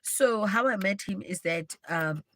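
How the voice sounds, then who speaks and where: A chatty woman hosts a live stream and tells a dramatic story, talking straight to her viewers. Her voice sits at a middle pitch. The sound is close and dry, with no room echo. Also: unhurried. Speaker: livestream host. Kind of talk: casual storytime.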